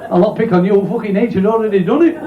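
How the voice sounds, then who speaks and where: A man's voice: sits high, steady tone, fast, a loud crowd, heavy background noise. A man with a Yorkshire accent doing a crude, cheeky stand-up routine and laughing at his own jokes. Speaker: stand-up comedian. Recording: echoey, dull lo-fi club recording.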